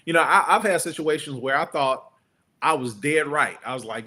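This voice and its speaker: Bright-voiced man telling animated stories. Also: moderate pace. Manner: animated, acts out quotes with big pitch jumps. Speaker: guest, entrepreneur. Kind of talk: storytelling in a casual interview.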